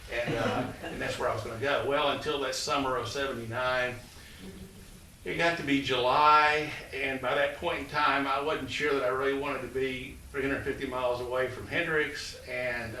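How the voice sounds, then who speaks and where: A man's voice: mid-range voice, pushed and bright. A man in his sixties, a college president, telling rambling stories to an audience with many fillers. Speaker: college president giving a talk. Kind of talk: storytelling talk to an audience. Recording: echoey room, distant mic, faint noise.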